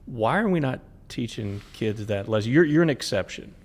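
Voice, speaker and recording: A man's voice: medium pitch, animated, normal speed. A man in his forties or older co-hosting a podcast, asking his guest earnest questions. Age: 40s or older. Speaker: podcast co-host. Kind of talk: casual podcast interview.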